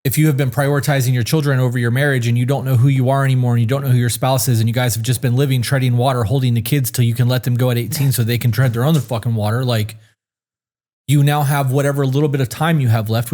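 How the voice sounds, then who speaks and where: A man's voice: mid-range voice, fairly even intonation, fast talker, a little mellow. A man co-hosting a podcast in casual chat, rambling and candid, swearing freely, short on sleep. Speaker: podcast co-host.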